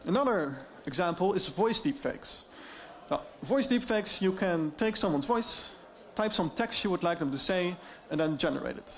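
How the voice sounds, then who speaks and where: A man with a Dutch accent giving a conference talk on deepfakes, explaining in a lively way with many fillers. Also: moderate pace. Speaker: speaker on AI deepfakes.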